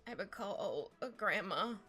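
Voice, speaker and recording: A woman's voice: medium pitch, lively intonation, normal speed, sharp tone. A young woman art streamer chatting casually and giggling while she draws. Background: faint background music.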